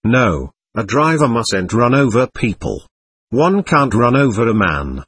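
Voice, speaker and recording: A man's voice: mid-range voice, very animated, measured pace, fairly bright tone, a little hiss or hum. A man voicing an agitated young nobleman who speaks urgently and frantically. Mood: frantic. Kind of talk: audiobook character voice.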